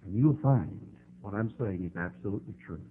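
A man from the American South with a Southern drawl, preaching an impassioned sermon that swells to loud climaxes and slows down for emphasis. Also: lowish voice, slightly rough. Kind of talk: fiery sermon. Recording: tinny narrow-band broadcast audio.

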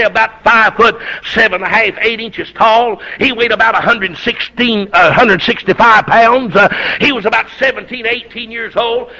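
A preacher, a middle-aged man whose voice sits unusually high and rings bright and forceful. He tells Bible stories in a folksy way and breaks into shouting. The recording is dull and lo-fi. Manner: shouting bursts, folksy storytelling. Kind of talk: fiery folksy sermon.

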